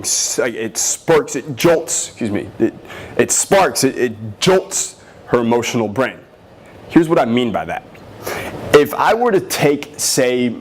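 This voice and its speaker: A brash male dating coach who talks with cocky confidence and swears freely. He acts out teasing lines as he explains his advice, in a loud, motivational style. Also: mid-range voice, slight background noise.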